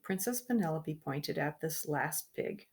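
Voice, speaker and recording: A woman reading a children's book aloud, expressive and stopping to explain the pictures to young listeners. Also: low voice, measured pace, husky. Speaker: storybook reader.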